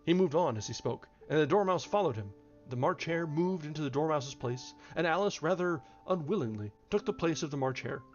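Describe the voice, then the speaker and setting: A man reading a classic children's book aloud in a measured, expressive way on a stream. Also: fairly high pitch, dull audio, faint music behind. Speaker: storyteller.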